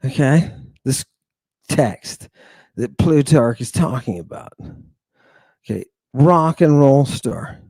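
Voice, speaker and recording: Slow, theatrical, quizzing male lecturer. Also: medium pitch, expressive, dark tone, no room sound. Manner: exclamatory and mocking, with sudden outbursts and asides; keeps quizzing the audience.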